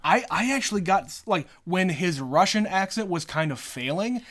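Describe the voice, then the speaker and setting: A man's voice: high-pitched, animated, moderate pace, a bit bright. A man co-hosting a podcast, recapping a movie casually, rambling and restarting often. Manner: rambling, repeats words, many fillers. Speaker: podcast co-host.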